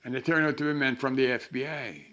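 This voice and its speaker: In a storytelling interview, an older man relates anecdotes animatedly, acting out the voices of the people in them. His voice is mid-range and he talks fast.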